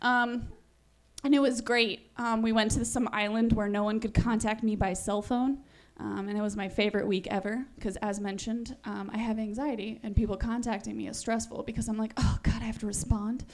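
A woman's voice: fairly high pitch, steady tone, moderate pace. A young woman comedian telling a rambling, self-deprecating stand-up story, full of "like" and "um". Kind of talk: stand-up monologue.

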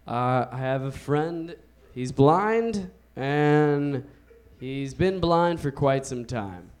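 A young man doing a stand-up comedy set on a club stage into a handheld mic, with a loose, laid-back delivery and drawn-out punchlines. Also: medium pitch, expressive, darkish tone, clean tone. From United States.

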